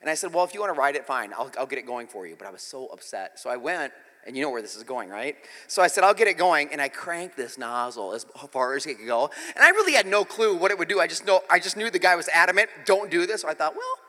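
A man preaching a sermon and opening with a long, self-mocking personal story told in a relaxed, chatty way. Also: fairly high pitch, fast talker, big-room sound. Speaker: pastor.

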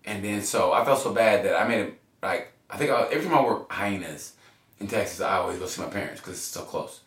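A man's voice: fairly low pitch, fast talker, far from the mic. A man telling stories in casual chat, swearing freely and acting out quoted voices. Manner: animated storyteller, swears, acts out quoted voices. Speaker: podcast guest. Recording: echoey room, off-mic.

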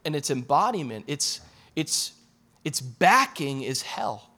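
A man preaching a sermon as pastor, animated and casual, repeating phrases for emphasis. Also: a little high, takes it slowly.

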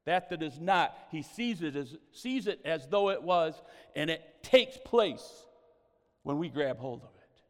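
A man's voice: on the high side, a little slow. Man preaching in a reverberant hall. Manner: animated storytelling, exclamations of praise. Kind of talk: sermon.

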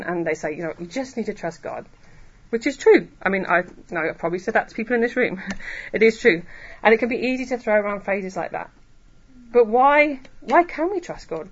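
Woman preacher, sermon, earnest, emphatic, medium pitch, lo-fi dull recording. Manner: earnest, emphatic, slows for key phrases. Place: church hall.

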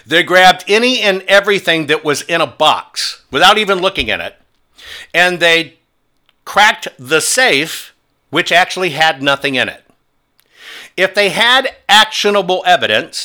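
A man's voice: on the high side, bright, forceful tone. A male talk show host delivering a combative, sneering monologue.

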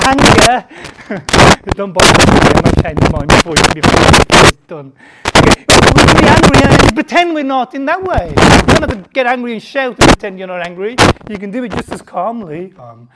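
Female preacher, conversational sermon, rhetorical questions, hushed then loud, heavy noise behind. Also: a little high, very animated, normal speed.

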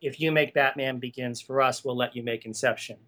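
A man talking as a podcast guest, chatty and animated, laughing often and telling stories with many asides. His pitch sits in an everyday middle range. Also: brisk. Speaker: guest, animation art conservation director. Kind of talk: conversational podcast interview.

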